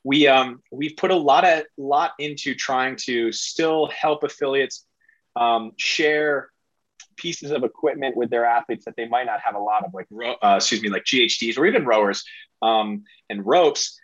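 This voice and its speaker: A middle-aged man speaking as a podcast guest, rambling and excitable, with a self-deprecating manner. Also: medium pitch, moderate pace, dry recording, dull audio. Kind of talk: casual interview talk.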